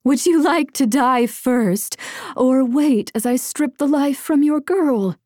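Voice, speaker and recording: Narrator puts on a mocking, hissing villainess, slow and gloating, dry close sound. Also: female voice, medium pitch, vocal fry, warm tone, slightly rough, dry recording, exaggerated voice. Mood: menacing. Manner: taunting, hissing, singsong. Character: vengeful female villain, prowling and mocking.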